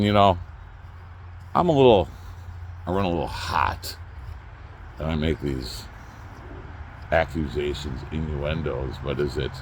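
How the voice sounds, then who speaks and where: A middle-aged man hosting his own channel, ranting unscripted to the camera, blunt and profane, swinging from loud outbursts to low muttering. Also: slight background noise. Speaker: YouTube channel host.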